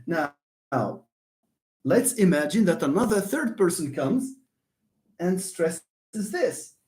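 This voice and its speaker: Lively-pitched man lecturing on phonetics. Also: slow pace. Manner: repeats points, asks and answers own questions; addresses viewers as friends, greets them by name. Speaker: linguistics lecturer. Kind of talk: live online lecture.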